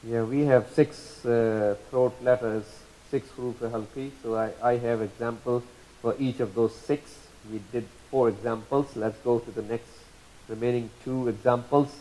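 Slow, patient male recitation teacher. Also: medium pitch, fairly even intonation, dark tone, rough recording. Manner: patient, repeats examples slowly and drawn out. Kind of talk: slow tajweed lesson.

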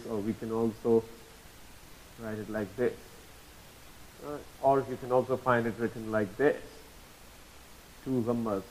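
A man teaching a lesson, patiently spelling out terms, repeating examples slowly and asking checking questions. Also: mid-range voice, a little mellow, slight background noise, rough recording. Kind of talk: explanatory lesson.

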